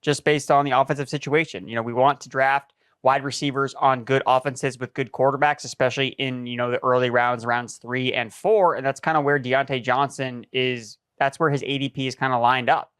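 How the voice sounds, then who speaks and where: A man talking through his reasoning in a steady, analytical way on a podcast. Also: medium pitch, fairly quick, few pauses, smooth, no echo, clean studio sound. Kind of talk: casual podcast chat.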